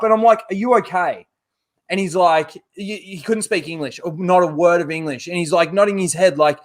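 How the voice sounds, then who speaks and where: A man's voice: high-pitched, fairly quick. A man with an Australian accent, co-hosting a podcast and telling a crude story in casual chat. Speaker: podcast co-host.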